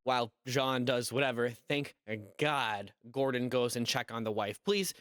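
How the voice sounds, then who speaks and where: A man's voice: medium pitch, measured pace. A young man giving casual reaction commentary, incredulous and rambling, full of "like" and repeated questions. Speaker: commentary YouTuber.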